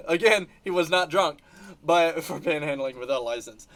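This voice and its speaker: A man hosting a casual livestream, telling animated stories and laughing between sentences. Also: a little high, moderate pace. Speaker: channel host reacting to live chat. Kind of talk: casual livestream chat showing trip photos.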